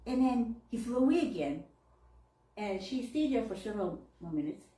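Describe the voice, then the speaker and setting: A woman minister tells a story in an animated way, laughing as she goes, with her pitch ranging widely. Her voice rings in a roomy church and sits some distance from the mic. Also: fairly quick. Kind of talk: storytelling sermon.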